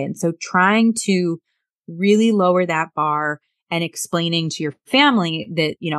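An unhurried middle-aged woman with a fairly low, slightly bright voice discusses sobriety earnestly in casual conversation. She repeats words often and acts out family lines, recorded at studio quality with no room sound.

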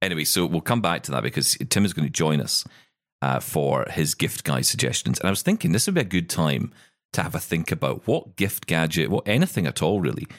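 A man co-hosting a casual tech podcast, talking in teasing, quick banter. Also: rumbling low, very animated, no echo, studio quality. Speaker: podcast co-host. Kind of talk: casual chat.

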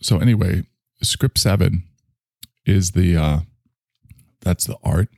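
A man's voice: low-pitched, takes it slowly, darkish tone, dry recording, clean studio sound. A man hosting a casual solo podcast monologue, rambling and self-mocking while in back pain. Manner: rambling, self-mocking, swings between grumbling and enthusiasm. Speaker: podcast host.

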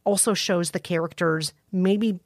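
Woman co-host, lower voice, dry studio sound, eager and emphatic. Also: fairly even intonation, measured pace, dry recording. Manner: enthusiastic, warmly emphatic. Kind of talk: podcast movie-advice chat.

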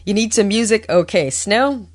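A woman's voice: medium pitch, normal speed. A woman from New Orleans with a New Orleans accent, a meteorologist chatting as a podcast guest and laughing often. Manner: lively, laughs often, plays up her hometown. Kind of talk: casual podcast chat.

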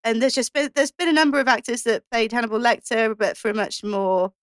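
A woman's voice: on the high side, brisk, a bit bright, no room sound, clean studio sound. Hesitant woman in casual film chat. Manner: hesitant, many ums and restarts.

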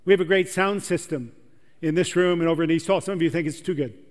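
Male pastor with a high voice, chatty sermon delivery, recorded in a reverberant hall. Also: fast talker. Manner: conversational, asks the audience questions. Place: large church hall with audience.

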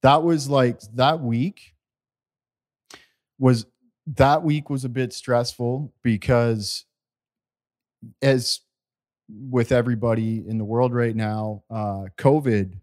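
Slow, laid-back man. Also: medium pitch, fairly even intonation, a little mellow. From Canada. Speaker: podcast host. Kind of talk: casual podcast chat. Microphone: remote call.

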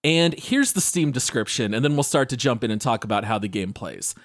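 Lively upbeat male podcast host. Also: mid-range voice, fairly quick, no room sound, clean studio sound. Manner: upbeat, joking introductions. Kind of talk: casual podcast chat.

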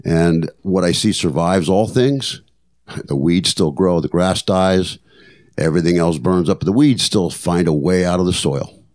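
Speaking unhurriedly in a low, slightly mellow voice, an older podcast host delivers a reflective storytelling monologue. He's earnest and motivational, repeating phrases to drive his points home.

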